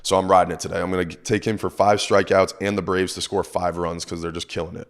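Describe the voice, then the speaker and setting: A hoarse man co-hosting a sports betting show, chatting casually and upbeat about his picks. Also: low voice, little pitch movement, fast talker. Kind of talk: casual chat.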